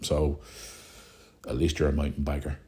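A Northern Irish man with a deep, warm voice hosts a casual podcast. He rambles and chats freely, teasing his listeners as he goes. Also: monotone, moderate pace. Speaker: podcast host.

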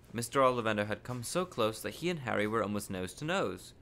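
A man hosting a podcast, reading a children's novel aloud from a living room in steady, unhurried storytelling with small stumbles. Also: fairly low pitch, creaky.

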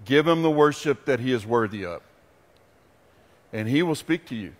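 Animated male pastor preaching in a reverberant hall. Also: medium pitch, moderate pace. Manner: animated storytelling that turns quiet and earnest. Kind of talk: sermon.

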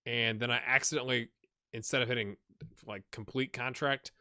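A man commentates his game in a relaxed let's-play chat, thinking out loud and getting excitable over good results. His voice is bright and forward, recorded close and dry on a desk mic at home. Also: medium pitch, normal speed, dry recording. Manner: chatty, thinking aloud, excitable. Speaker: gaming channel host.

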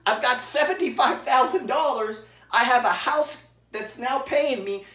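A man's voice: very high voice, measured pace, pushed and bright, far from the mic. Guy a bit out of breath, blunt about money math, echoey room, sitting back from the mic. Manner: blunt, works through rough math aloud, rounding as he goes. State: slightly out of breath. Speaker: real estate investor. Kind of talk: informal money explainer.

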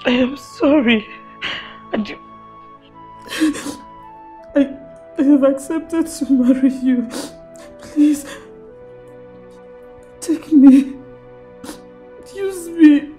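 A woman's voice: sits high, very slow, pauses often, warm tone, faint music behind. An actress playing a desperate young woman, pleading tearfully in a film drama.

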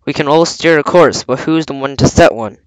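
A man's voice: fairly high pitch, brisk, noisy background, natural voice. A man reading aloud, voicing a scheming older pirate cook with a coaxing, blustering sailor manner.

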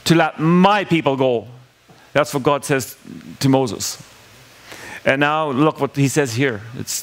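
A man preaching a sermon in a conversational way, asking the congregation questions and acting out the lines he quotes. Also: mid-range voice.

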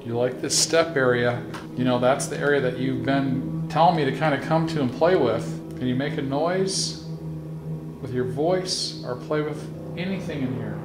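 A man investigating a haunted hospital at night, talking in a hushed voice, often whispering, and calling out to spirits in a cold dark basement. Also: medium pitch, normal speed, loud music behind the voice. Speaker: paranormal investigator. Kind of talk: ghost hunting vlog commentary.

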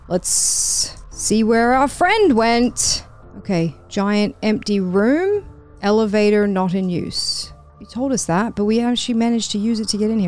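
A woman's voice: medium pitch, darkish tone. A woman playing a horror game and talking to herself, jumpy, with nervous laughs. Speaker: gamer.

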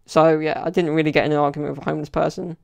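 A man's voice: on the high side, little pitch movement, rapid-fire, gravelly. A young man telling stories in a casual solo podcast, rambling and chatty with lots of "like" and "you know". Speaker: podcast host.

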